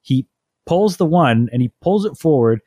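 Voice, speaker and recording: A man in his thirties, co-hosting a podcast, chatting casually with a dry, deadpan humor. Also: a little high, normal speed, breathy edge, dry recording. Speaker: podcast co-host. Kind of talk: casual chat.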